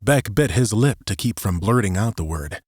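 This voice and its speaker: Male audiobook narrator, lowish voice, lively intonation, dry close studio sound. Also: moderate pace, breathy edge, dry recording.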